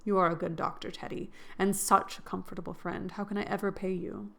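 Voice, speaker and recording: A woman's voice: medium pitch, level tone, fairly quick, vocal fry. A woman doing an emotional, tomboyish young woman. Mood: grateful. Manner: emotional, breathless outbursts.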